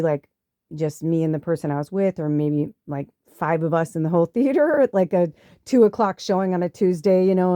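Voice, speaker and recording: In a mellow voice, a middle-aged podcast host and spiritual medium chats through a personal story, cursing occasionally and voicing quotes in a higher pitch. The sound is clean studio audio with no room sound.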